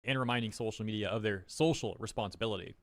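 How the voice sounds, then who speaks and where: A man's voice: on the low side, quick pace, no echo, studio quality. A man doing online commentary, reading news headlines aloud with wry, mocking asides.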